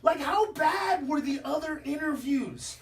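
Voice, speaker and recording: Loud brash comedian guy ranting jokes on the radio, sounds a little off-mic. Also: very high-pitched, measured pace, far from the mic, slight background noise. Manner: brash, ranting punchlines, bursts of shouting. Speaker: comedian guest. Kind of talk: stand-up style radio chat. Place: radio studio.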